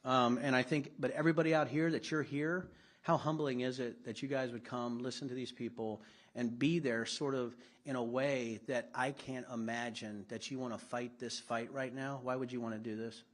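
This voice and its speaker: A man's voice: medium pitch, fairly even intonation, moderate pace. A middle-aged man giving a conversational, self-deprecating speech to a live audience at a political summit, with blunt asides.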